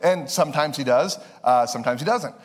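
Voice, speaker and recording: A young man preaches in a relaxed, conversational way, slipping from scripture into quick personal asides. His voice sits a little high for a man. A long hall reverb trails after every phrase. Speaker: pastor. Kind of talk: sermon.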